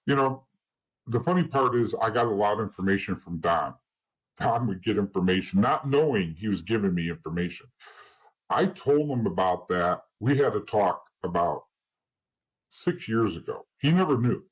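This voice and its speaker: Husky low-voiced man telling his story. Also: lively intonation, normal speed, low-quality recording. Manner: blunt, profane, rambling storyteller. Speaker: interview guest, former informant. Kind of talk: storytelling in an interview.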